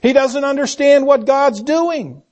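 Throwing rhetorical questions at his congregation, a male preacher swings from forceful, loud emphasis to quiet, hushed passages. His voice is very high-pitched and his pace unhurried, and the audio has a lo-fi quality.

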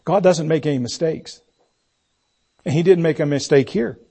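A man preaching a sermon. He asks the congregation rhetorical questions and swings between loud emphasis and hushed delivery. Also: a little high, moderate pace, breathy edge.

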